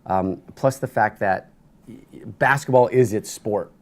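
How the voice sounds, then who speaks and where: A man talking as a guest in a studio interview, telling animated stories with lots of restarts and bursts of energy. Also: fairly low pitch, a little slow. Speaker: interview guest, sports broadcaster.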